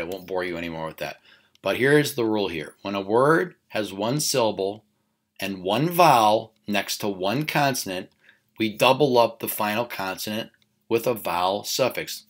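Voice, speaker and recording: Low-voiced man teaching a spelling lesson. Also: fairly bright tone. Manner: repeats words slowly, checks in with "okay?".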